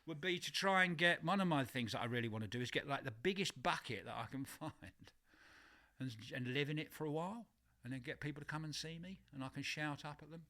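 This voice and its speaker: A man's voice: on the high side, fast, bright, forceful tone. A man co-hosting a radio show, rambling and giggling as he drifts into silly voices. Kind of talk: casual comic radio banter.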